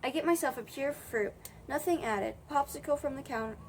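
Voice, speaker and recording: A woman's voice: sits high, moderate pace, slight background noise. A young woman reading a children's novel aloud in a casual way, correcting her own slips as she goes. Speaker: audiobook reader.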